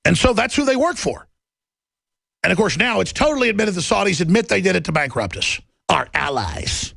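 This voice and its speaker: A middle-aged man hosting a talk radio show, ranting sarcastically and mocking his critics, often bursting into shouts. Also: high voice, sing-song, a little fast, vocal fry, no echo.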